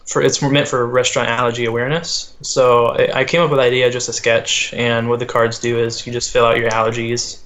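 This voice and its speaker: A teenage boy as a guest in a casual interview, talking haltingly with many fillers. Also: mid-range voice, little pitch movement, a bit bright. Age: teens. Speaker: guest, small business owner.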